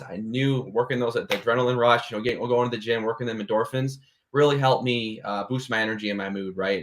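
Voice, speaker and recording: A young man talks on an online panel in a casual, heartfelt way. His voice sits in an ordinary middle pitch. He keeps checking in with "right?" and "you know". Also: a bit bright. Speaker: panel speaker. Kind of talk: motivational panel talk. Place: online video call.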